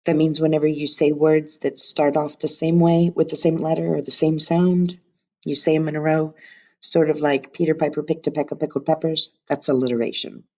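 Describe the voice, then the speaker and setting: Low-voiced teacher reading aloud on a webcam. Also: female voice, flat delivery, brisk, darkish tone. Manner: chatty asides to students.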